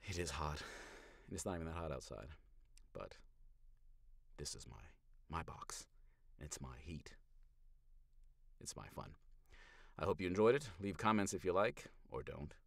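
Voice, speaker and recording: A man narrating an audiobook in first person, sardonic, swinging from hushed asides to loud outbursts, in a small hot booth. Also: rumbling low, lively intonation, normal speed, gravelly, pauses often, dry recording, clean studio sound. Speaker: audiobook narrator streaming a reading.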